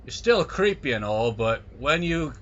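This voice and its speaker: An American man gives rambling let's play commentary, packed with "like" and "uh." His medium-pitched voice is very animated, unhurried, and a bit bright, captured on a dull lo-fi mic with clear noise.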